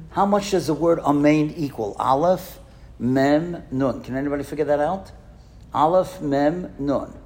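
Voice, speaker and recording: A man giving a lecture as a rabbi to a synagogue audience, telling a story in an animated way and acting out the voices in it. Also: on the high side. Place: synagogue hall with live audience.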